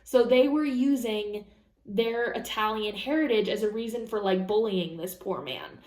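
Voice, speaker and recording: A woman vlogger reading an online story aloud and reacting to it in casual chat, blunt and freely swearing, with animated asides. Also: mid-range voice, moderate pace. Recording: roomy echo.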